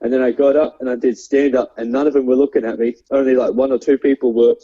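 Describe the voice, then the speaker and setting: Young Australian male comedian, rambling storyteller who laughs a lot; mellow, husky voice, dull recording. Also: mid-range voice, flat delivery, fast talker. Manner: laughing often, rambling with many fillers. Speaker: stand-up comedian guest. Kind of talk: casual storytelling chat. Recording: dull lo-fi sound.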